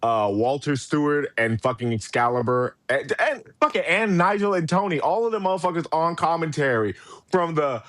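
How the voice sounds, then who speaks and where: A man co-hosts a podcast in casual chat. His slightly high voice leaps up and down as he acts out quotes and stories, cursing freely, and the sound is dry and close. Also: moderate pace, no room sound. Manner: animated storyteller, acts out quotes, swears a lot. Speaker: podcast co-host.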